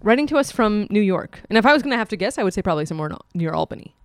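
A woman co-hosting an improv comedy podcast, playful, quick with dry jokes. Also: mid-range voice, animated, smooth, no echo. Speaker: podcast co-host.

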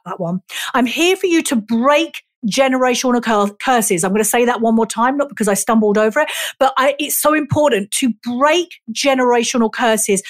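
High-voiced, emphatic woman podcast host. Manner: emphatic, repetitive affirmations, swears for emphasis; earnest and emotional. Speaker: podcast host and life coach. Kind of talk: motivational podcast monologue.

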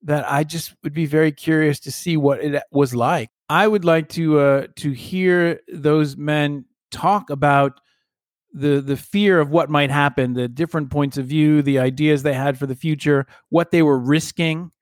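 A man's voice: on the high side, steady tone, unhurried, dry recording, clean studio sound. A man in casual conversation as a podcast co-host, musing and rambling with playful banter. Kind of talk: casual chat.

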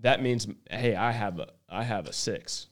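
A man's voice: lowish voice, measured pace. A man in casual conversation who thinks aloud and often restarts his sentences.

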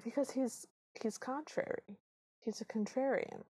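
A woman co-hosting a podcast, chatting about a film with wry, animated asides. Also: fairly high pitch, normal speed, husky. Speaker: podcast co-host. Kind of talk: casual recap chat.

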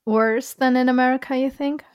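A woman's voice: high voice, steady tone, moderate pace, darkish tone, dry recording, clean studio sound. A woman hosting a casual podcast interview, asking questions and reacting with short interjections. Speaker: podcast host.

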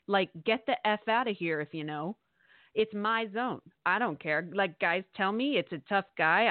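A woman's voice: mid-range voice, no room sound, close to an everyday voice. A woman voicing a brash, defiant young male hockey goalie in clipped, broken English. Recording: tinny phone-like line, dry.

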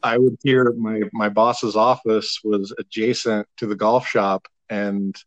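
A man in his thirties telling a long, animated, profane story in casual podcast chat, laughing now and then. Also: lowish voice, a little slow, dull audio.

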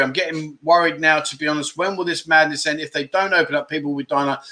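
A middle-aged man hosting a casual livestream chat show, reading out viewer comments in an animated, exclamatory way. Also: fairly high pitch, fast talker, few pauses. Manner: animated and exclamatory, with loud catchphrases.

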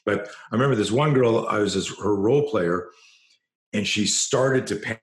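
A deep-voiced man speaks as a self-defense coach, passionate and blunt, swearing and circling back over his words. The recording has a noticeable room echo. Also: moderate pace. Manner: passionate, profane, repeats himself at restarts. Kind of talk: storytelling interview guest.

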